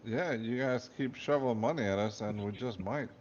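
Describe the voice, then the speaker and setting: A man's voice: mid-range voice, normal speed. A man reading his own comic book aloud and chatting on a podcast, jokey and self-amused. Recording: dull lo-fi recording.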